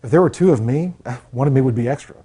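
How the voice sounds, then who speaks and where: A college counselor gives an earnest classroom talk to students, repeating key points and often checking in with "okay?" to make sure they follow. His voice is medium-pitched, mellow and a bit breathy, and he speaks quickly.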